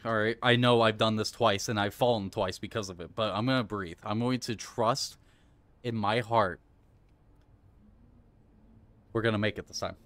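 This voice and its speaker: Excitable, swearing male game streamer. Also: on the low side, no room sound. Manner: excitable, swears and rages, coaches himself aloud. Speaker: live streamer. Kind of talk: live gameplay commentary.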